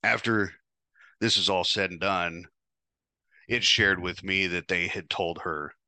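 Guy telling his own story on a podcast, kinda low voice, cursing, dry close sound. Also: fairly even intonation, takes it slowly, pushed and bright, dry recording. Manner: casual, profane, wry. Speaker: podcast host. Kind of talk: first-person storytelling.

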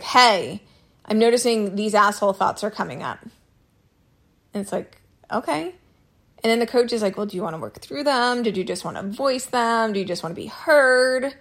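A woman's voice: on the high side, animated, fairly quick. A woman hosting a solo podcast, giving candid advice in a casual, repetitive way with mild swearing. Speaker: podcast host.

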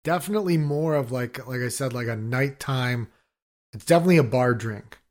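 A man's voice: mid-range voice, brisk. Profane riffing male podcast co-host. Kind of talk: casual chat.

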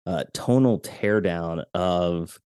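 A man hosts a casual movie podcast, talking in a low, warm, mellow voice that sits close and dry on the mic. He is lively and laughs easily, and slips into acted voices when quoting scenes. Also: slow, clear, resonant tone, no echo. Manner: animated, laughs often, acts out quotes. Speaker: podcast host. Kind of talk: casual film discussion.

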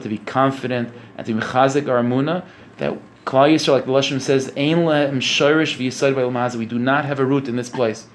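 A man's voice: medium pitch, slight background noise. A man, a religious speaker, giving a conversational storytelling sermon, often repeating phrases and checking in with his listeners. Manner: conversational, repeats phrases, asks "you know what I'm saying?".

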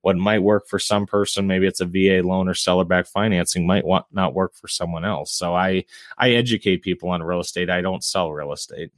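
Low-voiced easygoing man on a podcast. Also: steady tone, a little fast, no room sound, clean studio sound. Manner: easygoing, chuckles often, many fillers. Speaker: podcast guest, real estate investor and realtor. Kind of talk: casual interview chat.

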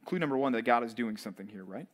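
A man's voice: medium pitch, expressive, very fast. A man preaching a sermon to college students, telling stories with playful acted asides. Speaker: pastor.

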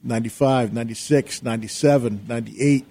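A middle-aged man, a guest on a talk show, telling a rambling, animated story and acting out quotes loudly. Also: mid-range voice, fairly quick. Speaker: guest, real estate investor.

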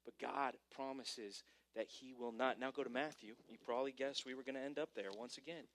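A male pastor delivering a sermon to a congregation, preaching animatedly and swinging between hushed and emphatic delivery. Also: medium pitch, steady tone, a little fast, a little hiss or hum. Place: church service before a congregation.

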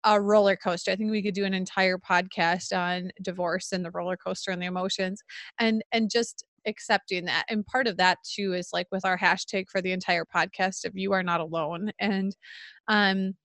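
Woman podcast co-host, thirties, candid and rambling, dry close-miked sound, mid-pitched. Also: pushed and bright, no echo. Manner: emotional, rambling with many fillers. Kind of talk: candid conversational podcast talk.

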